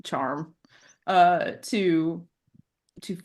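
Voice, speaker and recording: A woman's voice: fairly low pitch, extremely slow, a little mellow. A woman narrating a horror tabletop game as game master, casual and chatty. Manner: casual, chatty, laughs easily.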